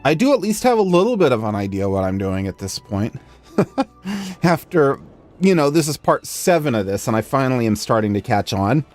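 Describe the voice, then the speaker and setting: A man narrates his own gameplay in a loose, chatty, self-deprecating voice, often thinking aloud. His pitch sits in the middle. Light game music plays in the background. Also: very animated, normal speed, darkish tone. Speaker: streamer. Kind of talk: casual gameplay commentary.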